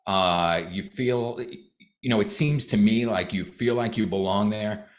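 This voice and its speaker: A man with a somewhat low voice judges a contestant. He speaks haltingly, stopping often on uhs and ums as he gathers his thoughts. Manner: halting, hesitant with many uhs. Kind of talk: casual critique.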